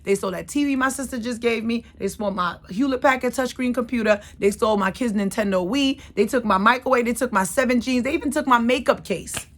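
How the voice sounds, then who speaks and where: A woman's voice: a little high, fast, hardly any pauses. A woman in her thirties hosting her own channel, telling a personal story in a casual, emphatic way and repeating phrases for effect. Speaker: channel host.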